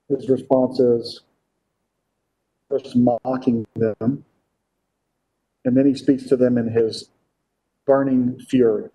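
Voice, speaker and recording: Mellow-voiced male preacher teaching scripture. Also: mid-range voice, level tone, takes it slowly, pauses often, rough recording. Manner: asks the listeners frequent rhetorical questions; reads scripture aloud and then explains it. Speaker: pastor. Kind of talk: Bible teaching sermon.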